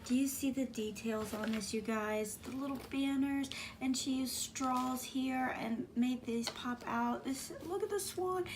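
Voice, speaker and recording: A high-voiced woman talks her viewers through a craft mail unboxing in an unhurried way. She gushes over every item and squeals with delight. A faint hum runs behind her. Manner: gushing, squealing and gasping with delight. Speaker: craft vlogger. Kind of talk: excited unboxing vlog.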